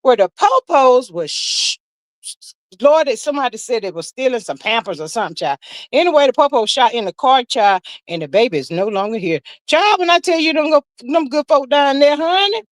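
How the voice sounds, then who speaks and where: A woman's voice: high voice, expressive, fairly quick, no room sound, low-quality recording. A woman hosting a casual livestream, chatty and slangy, greeting viewers by name and reading their comments aloud. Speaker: livestream host.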